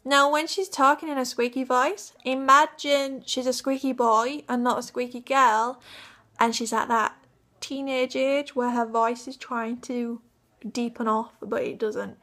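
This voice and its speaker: A woman's voice: high-pitched, steady tone, measured pace, a bit bright. A young woman from Hull with a Yorkshire accent, chatting in a giggly, rambling vlog. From Yorkshire, England. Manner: giggly and rambling, many fillers. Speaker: cosplayer and vlogger. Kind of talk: casual vlog chat.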